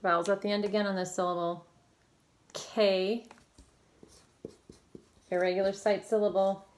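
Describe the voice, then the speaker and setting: A woman teaching a recorded phonics lesson to children, giving clear prompts and praising often. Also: mid-range voice, little pitch movement, unhurried. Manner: encouraging, clear teacher prompts to young readers. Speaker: reading teacher.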